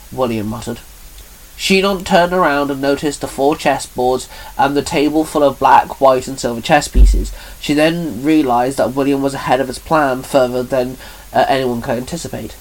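A man's voice: mid-range voice, normal speed, low-quality recording. A man reading his own fan story aloud, plain and with small slips.

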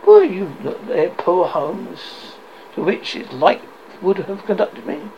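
A man voicing the mournful ghost of an old businessman bound in chains, lamenting in a solemn, drawn-out way. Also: high voice, animated, gravelly, lo-fi sound, slight background noise, exaggerated voice.

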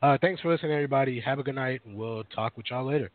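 A man hosting a laid-back radio chat, rambling and correcting himself with plenty of fillers. His mid-pitched voice sounds thin and narrow, as if over a phone line. The room around him is dry and close. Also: racing, no room sound. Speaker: podcast co-host.

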